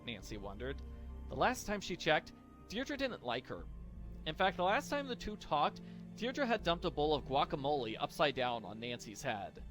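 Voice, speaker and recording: Wry, animated man narrating a comedy story. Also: fairly high pitch, normal speed, soft background music. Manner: wry, deadpan asides. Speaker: storyteller reading his own parody.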